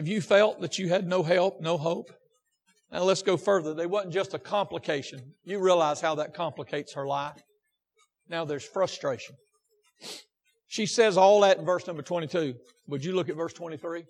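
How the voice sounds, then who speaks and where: A man preaching a sermon in a folksy way, dropping to a hush and then rising to an impassioned pitch. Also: normal speed, soft background music. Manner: folksy, swings from hushed to impassioned. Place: church hall. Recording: long hall reverb.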